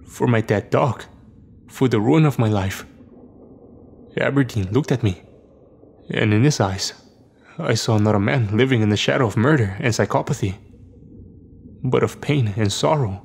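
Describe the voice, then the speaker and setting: A man's voice: mid-range voice, moderate pace, creaky, long pauses, a little mellow. A man telling a horror story in a tense, dramatic scripted narration. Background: faint music.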